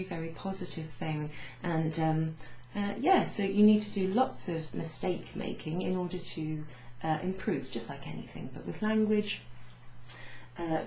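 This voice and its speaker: A woman teaching beginners French from her office, going over phrases slowly with many fillers and repeating each example. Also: fairly low pitch, a little mellow, reverberant, slight background noise, low-quality recording. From Wales. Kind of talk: recorded lesson recap for students. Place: home office with blinds closed.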